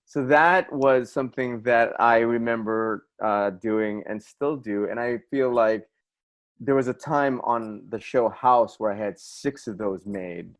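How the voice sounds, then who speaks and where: A man's voice: medium pitch, unhurried. Middle-aged man reminiscing about set work. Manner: reflective, conversational reminiscing with an easy laugh. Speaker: assistant director, podcast guest. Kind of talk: casual conversation.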